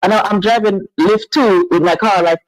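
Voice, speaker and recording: A woman calling into a talk show, talking in an earnest, halting way that repeats and restarts phrases. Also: mid-range voice, no echo, low-quality recording. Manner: emotional, earnest. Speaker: caller. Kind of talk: phone-in chat.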